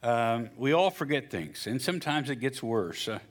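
A man preaching a sermon as a pastor, telling a joke and then reading scripture in a lively, storytelling way. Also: mid-range voice, moderate pace.

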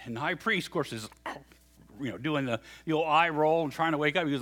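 A man preaching in a conversational, animated way, retelling a story with frequent restarts. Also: on the high side, fairly quick. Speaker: pastor. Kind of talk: storytelling sermon.

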